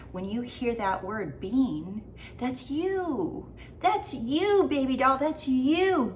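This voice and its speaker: A woman's voice: medium pitch, a little hiss or hum. A woman life coach giving a casual motivational talk, goofy, blunt and freely swearing.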